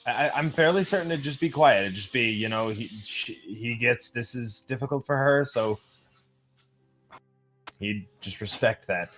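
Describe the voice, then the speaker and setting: A man playing a tabletop game, casually describing his character's actions in a measured way. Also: medium pitch, fairly bright tone, soft background music. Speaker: player.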